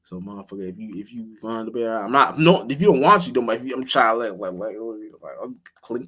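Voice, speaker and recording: A man's voice: animated, quick pace. Profane rambling man on a livestream. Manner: rambling, profane, with many restarts and fillers; jumps to a much higher, louder voice when acting out what he or others would say. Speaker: livestream host. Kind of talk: casual livestream monologue.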